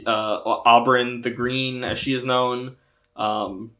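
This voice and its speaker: A man's voice: mid-range voice, flat delivery, slow pace, fairly bright tone. A young man acting as game master, chatting casually and recapping the game in a rambling, self-deprecating way.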